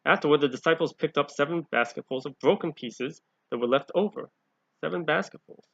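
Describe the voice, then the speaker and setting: A man's voice: on the high side, fairly quick, creaky, a bit bright, dry recording. A man reading Bible passages aloud and explaining them as a lay preacher, often growing emphatic. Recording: dull, lo-fi home recording.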